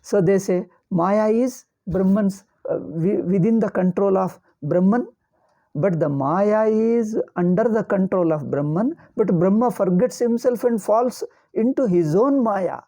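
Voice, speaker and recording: A woman's voice: mid-range voice, measured pace, mellow. A woman giving a scripture commentary lecture as a Vedanta teacher, explaining patiently, repeating phrases and checking in with the listeners.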